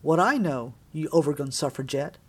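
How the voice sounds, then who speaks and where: Woman reader doing a loud, menacing, blustering middle-aged bully. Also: lowish voice, animated, normal speed. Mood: angry. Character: angry balding middle-aged man, bullying.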